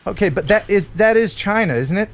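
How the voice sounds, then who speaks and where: Lively, jokey American male host. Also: high-pitched, brisk. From United States. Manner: jokey, laughs often, animated. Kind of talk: casual live-stream chat.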